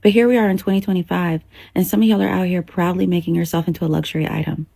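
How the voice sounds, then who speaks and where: A woman's voice: lowish voice, steady tone, rapid-fire, creaky, warm tone, no room sound. A woman delivering a preachy, emphatic opinion monologue to camera.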